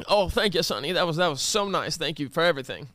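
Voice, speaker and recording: A man voicing a very old grandfather who drawls his thanks slowly and rants loudly at staff, in a high voice. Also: lively intonation, no echo, clean studio sound. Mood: sweetly grateful. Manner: slow, doddering thanks; shouting cranky rants. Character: very old grandpa, sweet then furious.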